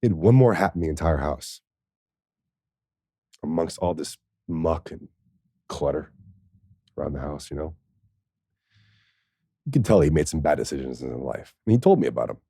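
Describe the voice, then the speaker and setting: A man's voice: very deep voice, big pitch swings, normal speed, long pauses, husky, no echo, clean studio sound. A man, a former pro football player, tells a candid, profane personal story in a podcast interview, and he is tearful at times. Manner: candid and profane, with laughs and soft, choked passages.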